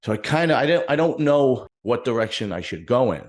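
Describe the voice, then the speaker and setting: A man's voice: mid-range voice, big pitch swings, fairly quick. A man hosting his own bodybuilding show, talking candidly and at length to viewers, rambling and restarting as he reflects. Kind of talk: casual solo talk to viewers.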